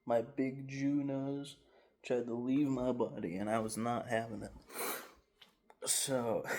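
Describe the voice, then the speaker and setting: A man in his garage telling a rambling, animated story time with laughs and restarts. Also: mid-range voice, takes it slowly. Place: home garage.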